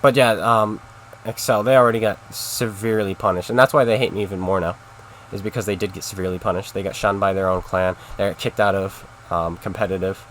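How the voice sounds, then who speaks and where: A man's voice: fairly low pitch, steady tone, fast talker, a bit bright, slight background noise. A man casually talking to his stream chat while playing a game, in a rambling, chatty way. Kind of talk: casual live-stream commentary.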